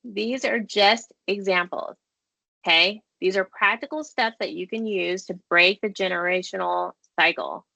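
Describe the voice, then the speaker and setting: A woman therapist presents a parenting webinar over a video call, guiding listeners through breathing exercises as a mix of mindfulness session and presentation. She sounds encouraging and conversational, saying "y'all" and dropping playful asides. Her voice is medium-pitched, measured, pushed and bright with vocal fry, and there's no room sound.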